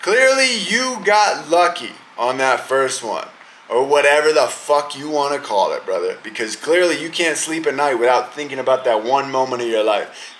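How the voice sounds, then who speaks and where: A man's voice: mid-range voice, animated, moderate pace, fairly bright tone, slight background noise, poor audio. A young man hosting a podcast, ranting about fights in a heated, profane, casual way. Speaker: podcast host. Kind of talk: casual profane sports rant.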